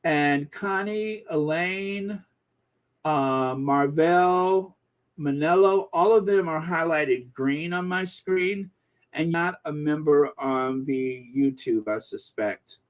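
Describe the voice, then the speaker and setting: A man hosts a live stream in a relaxed, unhurried way, reading out viewer comments. His voice sits a little higher than usual for a man. He rambles and restarts often, with plenty of fillers. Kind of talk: casual live-stream chat.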